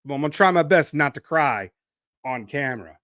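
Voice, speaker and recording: A man's voice: a little high, expressive, brisk, fairly bright tone, no echo, studio quality. A man hosting a solo wrestling podcast, talking animatedly and stretching out names for emphasis. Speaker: podcast host.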